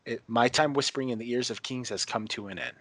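A man's voice: mid-range voice, quick pace, a bit bright, no room sound, natural voice. A man reading the solemn, cryptic lines of a priestess.

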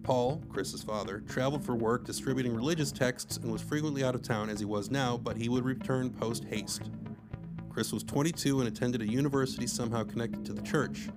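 A man's voice: medium pitch, brisk, loud music behind the voice. A man narrating a first-person story with wry, conversational asides.

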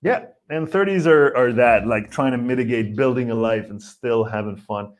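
Man in his 40s, podcast host, rambling jokey monologue, mid pitch. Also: moderate pace. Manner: rambling, jokey, acts out mock voices of others. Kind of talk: casual comedic monologue.

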